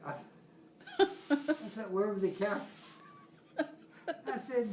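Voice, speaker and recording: A man's voice: sits high, expressive, slow pace, long pauses, crowd noise. An older man telling family stories in a casual, rambling way, chuckling often. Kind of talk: casual storytelling. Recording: roomy home recording with background noise.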